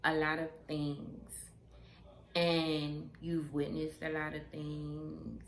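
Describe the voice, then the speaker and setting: A young woman vlogger chatting candidly to camera, unhurried and frank, repeating her points for emphasis. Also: deep voice. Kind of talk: candid casual chat to camera. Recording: roomy sound with steady background noise.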